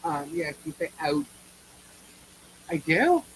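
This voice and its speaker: A woman's voice: low-pitched, big pitch swings, slow, slight background noise, poor audio. A woman with a New York accent co-hosting a live chat, blunt and opinionated, swearing casually as she answers viewers. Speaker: livestream co-host.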